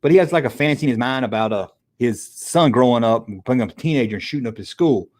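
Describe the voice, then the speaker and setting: Animated, swearing middle-aged man. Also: mid-range voice, fast talker. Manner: animated and profane, rambling between tangents. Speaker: livestream host. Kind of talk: casual livestream chat, answering viewers.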